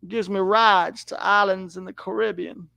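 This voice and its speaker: A man doing a slow, drawling politician impression. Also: high-pitched, fairly even intonation, gravelly, pushed and bright, no echo, voice pushed up, heavily acted. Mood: mock-innocent. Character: impression of an older male politician denying wrongdoing.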